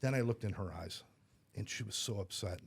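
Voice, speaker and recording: Animated storytelling man in recovery. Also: a little fast, vocal fry, husky. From South Jersey, United States. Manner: animated, jokey storyteller who drops to a soft, low voice for painful memories. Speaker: podcast guest in recovery. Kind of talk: storytelling in a talk show.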